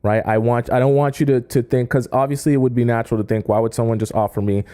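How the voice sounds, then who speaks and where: A man hosting a dating-advice live stream in a mellow, soft-edged voice. He talks directly to his viewers and reads their comments aloud. He keeps punctuating his points with "right?" and "okay?". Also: mid-range voice, fairly even intonation, fast talker, clean tone. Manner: repeats "right?" and "okay?", addresses the chat directly. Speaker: dating coach.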